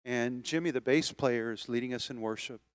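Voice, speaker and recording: A man preaching a sermon as pastor, moving from quiet storytelling to loud, rising exhortation. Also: medium pitch, normal speed, clear, resonant tone, no room sound. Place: church sanctuary.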